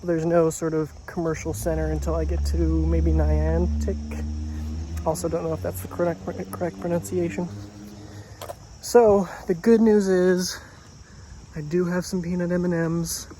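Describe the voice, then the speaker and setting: A walking vlogger heads along a road outdoors, traffic audible in the recording, joking about himself in a casual, wry manner. He speaks unhurriedly in a level tone, his voice a little high.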